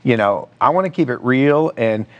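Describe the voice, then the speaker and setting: A middle-aged man being interviewed as a guest filmmaker, telling stories with lively acted-out quotes. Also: mid-range voice, normal speed, muffled recording. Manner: animated storyteller, acts out quotes. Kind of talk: conversational TV interview. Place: TV studio.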